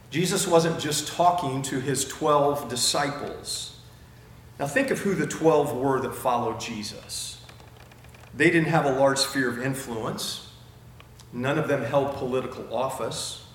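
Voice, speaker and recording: A man's voice: medium pitch, a little hiss or hum. A man preaching a sermon, emphatic and building points through repetition. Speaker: pastor. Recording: very echoey room.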